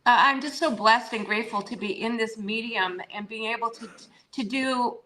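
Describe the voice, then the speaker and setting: A chatty older woman with a bright, fairly high voice talks from home over a video call. She rambles warmly, laughs easily and fills her pauses with ums as she chats as a guest. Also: rough recording. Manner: warm, chatty, laughs often, trails off with fillers. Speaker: actress guest. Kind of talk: casual interview chat. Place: home with pets around.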